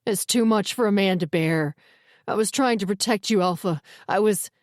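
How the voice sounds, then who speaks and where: A man's voice: sits high, moderate pace, no echo, clean studio sound, lightly acted. A woman voicing a desperate male werewolf begging his brother's forgiveness in a shaky, pleading voice.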